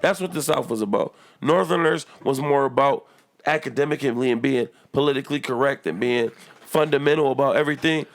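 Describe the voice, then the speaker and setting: A man's voice: mid-range voice, a little fast, gravelly. A man from the United States arguing heatedly and emphatically in a casual podcast debate, swearing freely. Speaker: podcast co-host.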